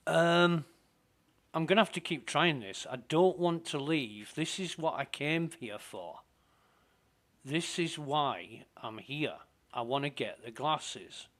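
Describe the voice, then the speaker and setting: A man's voice: fairly high pitch, expressive, a bit bright. A man giving casual, self-mumbling commentary while playing a space game. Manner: slow, muttering to himself, self-deprecating.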